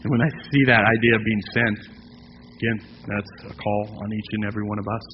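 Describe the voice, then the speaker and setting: Lower-voiced preacher in an echoing hall. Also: male voice, flat delivery, a little hiss or hum. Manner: conversational preaching with frequent pauses and restarts. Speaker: pastor. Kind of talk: sermon. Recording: long hall reverb, dull sound, faint ambience.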